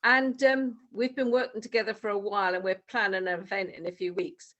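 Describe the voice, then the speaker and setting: A woman's voice: mid-range voice, level tone, a little fast, fairly bright tone, dull audio. A woman from the UK speaking hesitantly on a video call, sharing a personal story with the group. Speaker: participant.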